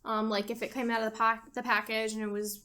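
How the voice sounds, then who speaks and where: A woman's voice: fairly high pitch, little pitch movement, fast talker, sharp tone. A woman co-hosting a casual podcast, laid-back and agreeable. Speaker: podcast co-host. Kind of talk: casual chat.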